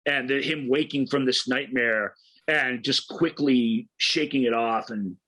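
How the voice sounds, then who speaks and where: A man's voice: medium pitch, a little slow, a bit bright, husky, low-quality recording. A man co-hosting a film podcast, enthusiastically retelling scenes in a casual, rambling way with frequent restarts.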